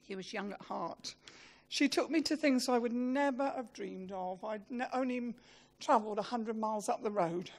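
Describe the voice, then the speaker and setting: A woman giving a funeral eulogy. She tells lively, self-mocking stories and laughs as she talks. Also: a little high, normal speed.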